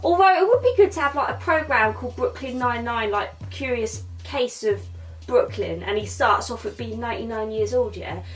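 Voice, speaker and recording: A woman's voice: on the high side, normal speed, distant mic, faint music behind, natural voice. A woman playing Bobby, a crude cocky lad. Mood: crude rambling. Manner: rambling, crude, keeps tagging "yeah?" and "mate". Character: cocky young male London lad, crude and boastful. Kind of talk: character comedy podcast. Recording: voice a bit off-mic.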